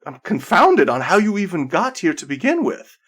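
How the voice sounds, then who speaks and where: A man playing a welcoming, baffled male leader in a tabletop game, a little higher than his normal talk, with a bright, exclaiming lift. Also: huge pitch swings, moderate pace, full character voice.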